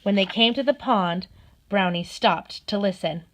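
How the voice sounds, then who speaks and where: A woman narrating a children's storybook in a gentle, steady manner. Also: medium pitch, a little slow. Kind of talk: storybook read-aloud.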